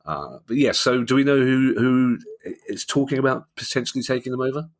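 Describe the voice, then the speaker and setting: A man's voice: mid-range voice, brisk. A man with a London accent co-hosting a podcast, telling jokey stories and laughing often. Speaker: podcast co-host. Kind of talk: casual chat.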